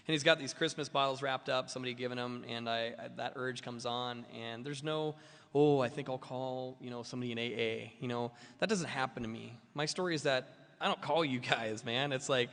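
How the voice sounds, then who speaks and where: Male speaker at a meeting, rambling storyteller, bright tone, hall echo. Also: medium pitch. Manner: rambling and self-mocking, many fillers. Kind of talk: personal story told to a meeting. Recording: long reverb of a meeting hall.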